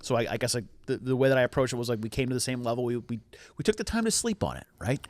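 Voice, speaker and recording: Candid middle-aged dad telling a story. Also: male voice, medium pitch, big pitch swings, dry recording. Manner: candid, self-deprecating, quick to swear. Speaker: podcast co-host. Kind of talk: casual storytelling chat.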